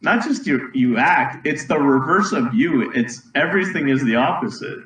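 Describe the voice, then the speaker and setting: A man's voice: a little high, lively intonation, moderate pace, a bit bright, far from the mic. Young man teasing in an echoey room. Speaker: podcast co-host. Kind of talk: casual chat. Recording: roomy echo, away from the mic.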